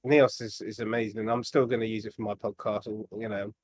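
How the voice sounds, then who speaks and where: A British man hosting a casual podcast, talking in an excited, chatty way and laughing easily. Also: on the low side, fast talker, no room sound, clean studio sound.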